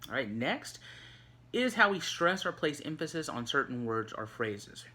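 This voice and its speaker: A man's voice: fairly high pitch, big pitch swings, unhurried, sharp tone. A man teaching a recorded online lesson, talking in a loose, conversational way with lots of fillers and restarts. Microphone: recorded for an online video.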